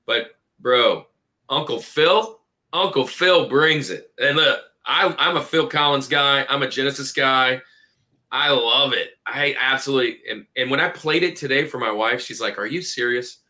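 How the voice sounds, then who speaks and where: A young man with a bright, forceful tone, talking in a casual podcast chat. He is animated and friendly, addressing his co-hosts as dude and bro. His pitch sits in the middle. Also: moderate pace. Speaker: podcast co-host.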